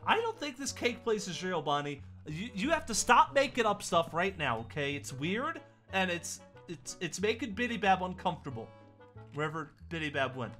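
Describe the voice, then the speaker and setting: Performer doing a jittery, stammering animatronic pizzeria boss, lively bright voice, music under. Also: mid-range voice, moderate pace. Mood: flustered. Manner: flustered, stammering, excitable. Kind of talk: Minecraft roleplay acting.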